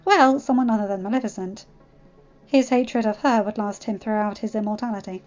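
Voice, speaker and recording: A woman's voice: mid-range voice, fairly even intonation, a little fast, darkish tone, soft background music. A woman host reading fan fiction aloud in a storybook narration, bubbly and chatty, on a dull lo-fi recording. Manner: bubbly and enthusiastic in asides.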